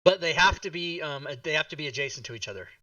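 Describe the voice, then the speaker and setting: A man's voice: fairly high pitch, lively intonation, fast talker, pushed and bright, dry recording, far from the mic. A man playing a tabletop game, joking and irreverent in casual chat. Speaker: player.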